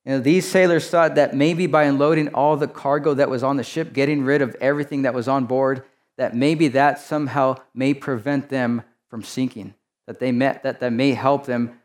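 A man's voice: mid-range voice, fairly even intonation, moderate pace. A male pastor preaching a sermon. He talks to the congregation conversationally and often turns to them with rhetorical asides.

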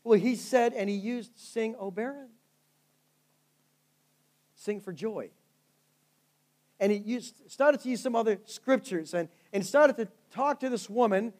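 A man's voice: high-pitched, unhurried, long pauses, a little mellow. A male pastor preaching a sermon, telling stories with fervent rises and drops in volume. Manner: fervent storytelling preacher, rising and falling in volume.

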